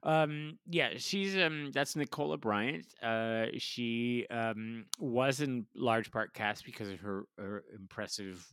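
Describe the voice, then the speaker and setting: A man's voice: medium pitch, slow, hardly any pauses, a bit bright, clean tone, dry recording. A man co-hosting a casual podcast chat, rambling with many fillers and frequent laughs. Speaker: podcast co-host. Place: lives in Washington, D.C.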